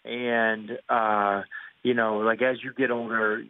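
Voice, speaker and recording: A man in his forties, a former quarterback, calls in as a guest and breaks down football in a relaxed way, with lots of fillers. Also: medium pitch, takes it slowly, no room sound. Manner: relaxed, filler-heavy analysis. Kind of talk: sports talk interview. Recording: tinny phone line.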